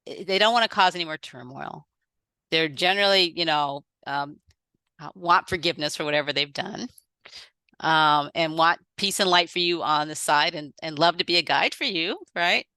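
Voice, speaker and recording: A woman's voice: sits low, moderate pace, pushed and bright, clean tone, no echo. A woman guest, a dream teacher, explaining her views in a flowing, reflective way. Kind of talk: conversational explanation.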